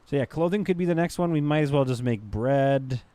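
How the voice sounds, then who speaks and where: A man's voice: medium pitch, fairly quick, mellow, clear, resonant tone, dry recording. A man streaming a strategy game, rambling and thinking aloud as he chats with his viewers. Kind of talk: casual gameplay commentary.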